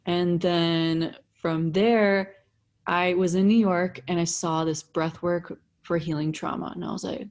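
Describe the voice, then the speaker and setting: Young woman, low register, candid and animated storyteller, casual podcast chat. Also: takes it slowly, dull audio. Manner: animated, swears freely, heavy use of "like". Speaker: breathwork facilitator, podcast guest.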